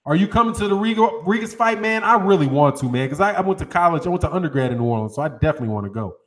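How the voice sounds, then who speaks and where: A man's voice: a little high, lively intonation, rapid-fire, a bit bright. A man hosting a boxing talk channel, chatting casually in loose slang and laughing often. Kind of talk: casual chat.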